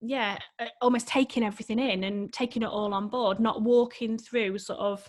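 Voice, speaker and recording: A woman's voice: a little high, steady tone, normal speed. A married woman who works as a life coach, talking earnestly and emotionally as a podcast guest, often restarting her sentences. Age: adult, married with children. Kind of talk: casual podcast conversation.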